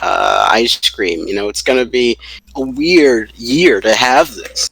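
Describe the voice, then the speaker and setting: A man's voice: mid-range voice, sing-song, takes it slowly, gravelly, fairly bright tone, breathy edge, no echo, poor audio. A man co-hosting a podcast, chatting casually and ranting with profanity and emphasis. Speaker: podcast co-host. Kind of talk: casual chat.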